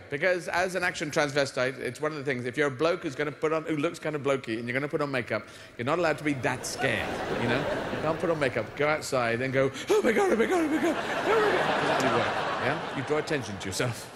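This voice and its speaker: Male stand-up comic, slightly high voice, rambling and animated, swears freely, noisy live recording. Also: fast. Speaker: stand-up comedian. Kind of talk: stand-up comedy routine.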